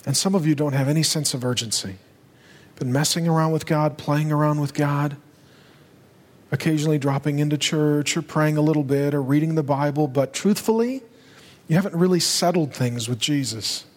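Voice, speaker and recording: A male pastor preaching a sermon with urgency, driving home his points and rising to loud, emphatic peaks. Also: fairly high pitch, normal speed. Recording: long reverb of a large hall.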